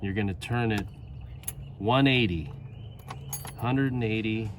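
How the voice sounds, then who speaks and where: A man's voice: lowish voice, slow pace, a little hiss or hum. A man hosting a home DIY video, talking casually and narrating each step of the job as he works. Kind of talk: casual step-by-step how-to tutorial.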